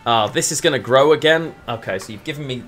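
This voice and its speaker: A man's voice: medium pitch, fast talker, fairly bright tone, soft background music. A man gives casual commentary while playing a game, thinking aloud and chatting with viewers between moves. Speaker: game streamer.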